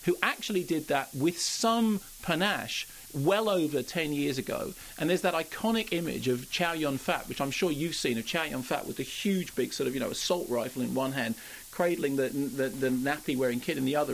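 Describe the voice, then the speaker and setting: A man's voice: mid-range voice, gravelly, a little hiss or hum, low-quality recording. A man, a film critic reviewing films on a radio show in an impassioned, ranting way. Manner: impassioned, ranting, self-mocking.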